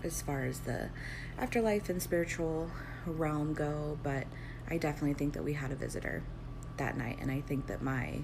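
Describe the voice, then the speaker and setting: A mother telling an earnest, measured story and quoting dialogue in a casual storytime. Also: deep voice, creaky, noisy background.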